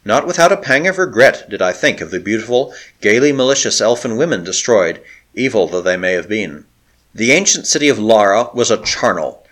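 A man's voice: on the low side, animated, a little fast, fairly bright tone. A man reading an adventure novel aloud as an audiobook narrator, telling it with dramatic expression.

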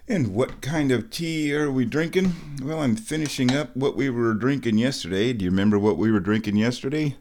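A man hosting a casual vlog, talking slowly and playfully, now and then slipping into high baby talk, a bit stuffy from sinus trouble. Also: darkish tone, a little hiss or hum. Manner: slow, drawling and playful, with high baby talk to his cat. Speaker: vlog host.

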